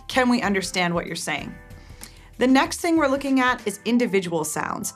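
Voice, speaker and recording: Female video teacher, clear friendly explainer, mid-pitched voice, light music bed. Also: a bit bright. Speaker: test prep teacher.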